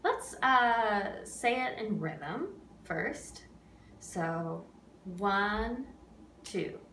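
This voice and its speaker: A woman's voice: mid-range voice, animated, drawn-out words, pushed and bright. A woman who is an opera pianist teaches an online singing lesson, coaching patiently and counting students in. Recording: roomy, distant mic with faint background noise.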